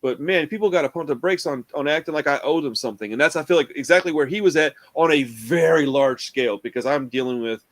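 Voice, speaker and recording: A man hosting a casual film podcast, talking in an animated, slangy way and acting out quotes. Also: a little high, fast, hardly any pauses, dry recording. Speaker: podcast host. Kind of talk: casual chat about a film.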